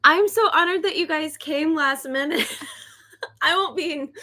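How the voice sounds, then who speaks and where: A young woman with a slightly high voice chats nervously to viewers on a livestream from home. She laughs often and talks in a loose, friendly way. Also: a little slow, bright, forceful tone. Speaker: host of a decluttering channel, author. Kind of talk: casual livestream chat. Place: home in South Korea.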